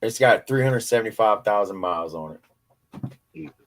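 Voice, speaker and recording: A man's voice: fairly low pitch, expressive, moderate pace, fairly bright tone. Joking man chatting casually. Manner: loose, joking, swearing, trailing off. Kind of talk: casual chat.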